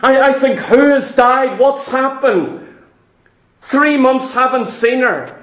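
A high-voiced man preaching, telling a story with repetition and dramatic slowdowns. His voice rings out in an echoey church hall. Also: fairly bright tone. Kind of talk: sermon storytelling.

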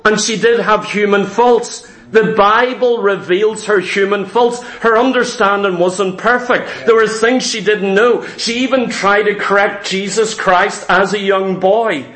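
A man's voice: high voice, fairly bright tone. A man preaching a sermon in a church hall, emphatic and repetitive, full of rhetorical questions. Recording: roomy echo.

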